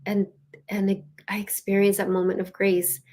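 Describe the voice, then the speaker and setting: A woman's voice: medium pitch, completely flat delivery, normal speed. A woman hosting her own show, giving a casual spiritual teaching in an earnest, storytelling way with many "like"s and "you know"s. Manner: earnest, with soft laughs. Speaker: host and spiritual leadership teacher.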